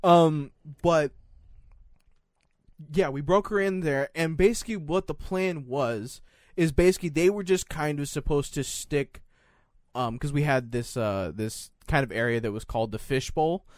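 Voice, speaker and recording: A young man in casual chat as a podcast co-host, telling crude, animated stories full of swearing. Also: fairly high pitch, unhurried, no echo, clean studio sound.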